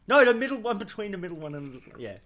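A man's voice: high voice, sing-song, rapid-fire, a crowd in the background. A young man joking crudely during casual gaming banter. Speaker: gaming channel co-host. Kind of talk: casual let's-play banter. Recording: roomy, loud background noise.

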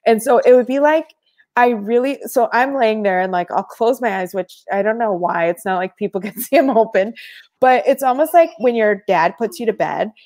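A woman as a podcast guest, telling stories in a casual, animated way with frequent laughter. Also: fairly high pitch, normal speed. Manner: animated, laughs often mid-story, many fillers. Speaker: podcast guest, former reality show contestant. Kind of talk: casual storytelling chat.

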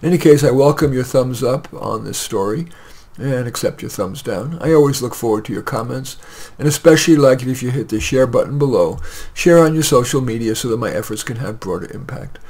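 A man reading his own short story aloud in a plain, measured way with light hesitations. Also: medium pitch, a little mellow.

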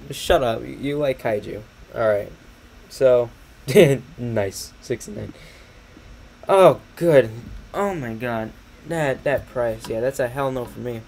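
A man's voice: mid-range voice, takes it slowly, gravelly, darkish tone, a little hiss or hum. A young man rambling through a train catalog on a stream, sarcastic and swearing a lot, laughing often. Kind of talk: casual commentary over a catalog.

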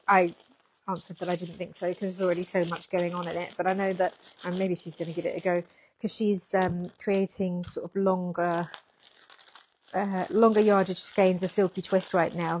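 A woman's voice: fairly low pitch, darkish tone. Woman rambling on a livestream, chatty, faint hiss behind, lapel mic. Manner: chatty, rambling, reads out viewer comments. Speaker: yarn shop owner hosting a packing livestream. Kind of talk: casual livestream chat. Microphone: pinned lapel mic.

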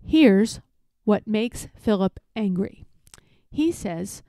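A woman reading a children's picture book aloud in a playful, expressive, emphatic way. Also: mid-range voice, unhurried, no echo. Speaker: read-aloud narrator.

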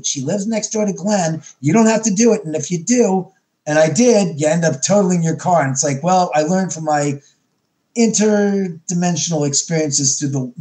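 A middle-aged man appearing as a podcast guest tells an animated story in a storytelling interview, acting out his own lines and often restarting sentences. His voice is fairly high and a little mellow.

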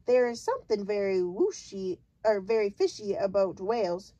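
BFG, woman doing a booming giant. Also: big pitch swings, moderate pace, dark tone, no room sound, muffled recording. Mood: explaining. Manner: jumbled grammar, booming and emphatic. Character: big friendly male giant, muddled, kindly.

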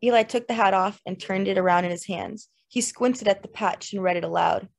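A woman narrating a literary novel in the first person, measured and lyrical. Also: mid-range voice, vocal fry. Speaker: audiobook narrator. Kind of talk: literary fiction reading.

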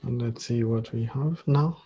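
A man teaching a screen-share coding tutorial as a lecturer, talking slowly and haltingly with many fillers. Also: medium pitch, dull audio, a little hiss or hum.

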